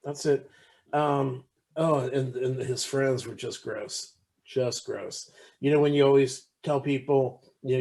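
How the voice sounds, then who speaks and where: With a creaky, darkish voice of medium pitch and an even, measured pace, this podcast co-host is in casual conversation. He keeps restarting and dropping in fillers while recounting a film and performing its quoted lines.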